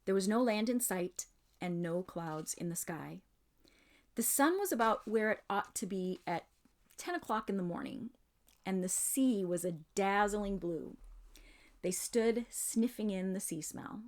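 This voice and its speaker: Woman reading a kids book out loud, expressive, measured, mid voice. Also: mid-range voice. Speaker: reader. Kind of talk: storybook read-aloud.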